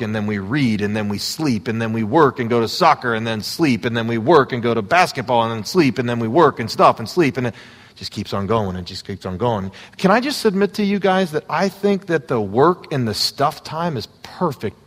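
A man preaching a sermon, moving between quiet, intimate asides and loud, fervent exhortation. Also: mid-range voice, long reverb tail. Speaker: pastor. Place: church sanctuary.

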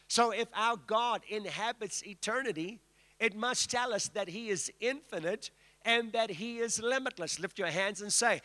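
A man's voice: high voice, moderate pace, pushed and bright. A man preaching as a guest in a church, declaiming and calling on the congregation to respond. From South Africa. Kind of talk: sermon. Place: church sanctuary. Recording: reverberant church hall.

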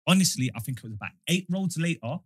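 Young man, lively husky storyteller, dry close sound. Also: fairly high pitch, fast talker, no room sound. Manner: animated, acts out voices in his stories. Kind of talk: casual storytelling chat.

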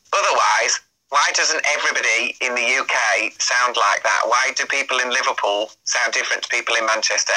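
A man's voice: mid-range voice, pushed and bright, low-quality recording. A man chatting as an interview guest, explaining at length in an easy, talkative way. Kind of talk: casual interview chat.

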